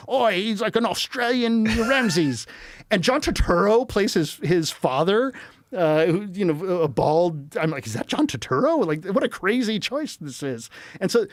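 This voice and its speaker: A middle-aged man chatting as a podcast guest, his voice sitting a little high for a man. He tells rambling stories, slipping into quoted asides as he goes. The sound is close and dry, with no room around it. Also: no echo. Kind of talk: casual chat.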